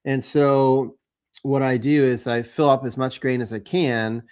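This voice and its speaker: A man with a mid-pitched voice talks casually to his viewers. He rambles along, stopping often for ums and uhs and starting his sentences over. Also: fairly even intonation, unhurried, a little mellow, clean tone. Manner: rambling, with many fillers and restarts. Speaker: homebrewing channel host. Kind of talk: casual chat to camera.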